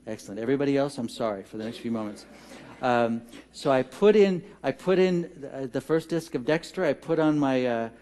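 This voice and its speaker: A man's voice: mid-range voice, lively intonation, fairly quick, darkish tone. A man giving a storytelling sermon, conversational and humorous, who talks directly to his congregation. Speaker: minister. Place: church sanctuary.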